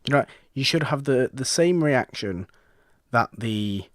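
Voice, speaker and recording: A man co-hosting a podcast, talking about films casually, lively and acting out reactions. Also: mid-range voice, measured pace, no room sound, studio quality. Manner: animated, acts out reactions, frequent restarts. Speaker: podcast co-host. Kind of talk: casual film chat.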